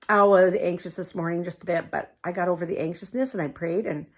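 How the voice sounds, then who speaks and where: A woman's voice: fairly low pitch, steady tone, fast. Older woman, casual vlog chat, chatty, frequent laughter, coos at her pets. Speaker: vlogger.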